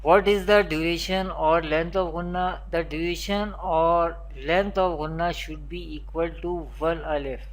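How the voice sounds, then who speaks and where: A Quran teacher records a beginner pronunciation lesson in recitation, naming letters one at a time and repeating spelling drills. The voice is mid-range and steady, at a measured pace with few pauses.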